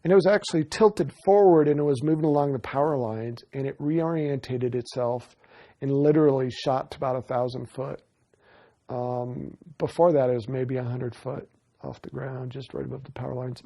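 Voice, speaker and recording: A man's voice: mid-range voice, fairly even intonation, normal speed, creaky, dark tone. A man in a documentary interview, telling his story in an earnest, rambling way with frequent restarts. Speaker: interviewee recounting an experience.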